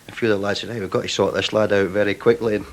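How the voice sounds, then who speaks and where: A man, a former player, recalling team stories in a relaxed, reflective interview. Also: lowish voice, rapid-fire. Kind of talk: anecdotal interview.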